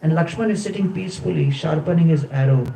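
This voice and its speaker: A man giving a devotional sermon, explaining terms deliberately and acting out quotes as he tells the story. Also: on the high side, vocal fry, dark tone. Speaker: spiritual speaker. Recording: roomy, distant from mic.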